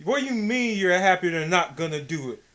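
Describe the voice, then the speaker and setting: A man's voice: high-pitched, expressive, brisk, a bit bright. A man in a casual wrestling chat, insistently pushing to make his point. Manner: insistent, interrupting.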